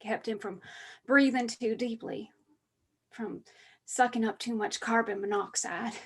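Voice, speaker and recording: An actress playing the grieving adult daughter of a coal miner, speaking with a mournful, bitter tone. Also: female voice, a little high, fairly even intonation, measured pace, breathy edge. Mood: sorrowful. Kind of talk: stage play monologue.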